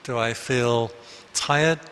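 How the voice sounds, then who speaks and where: Bright-voiced monk giving a dharma talk. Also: male voice, mid-range voice, slow, in a large hall, a little hiss or hum. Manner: conversational, anecdotal, with frequent restarts. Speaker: Buddhist monk teacher. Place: meditation hall.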